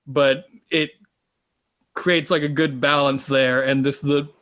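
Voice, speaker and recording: A man's voice: mid-range voice, level tone, slow pace, a bit bright. A man talking casually as a podcast guest about running and playing tabletop games, rambling with many fillers and restarts. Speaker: guest, tabletop game player and game master.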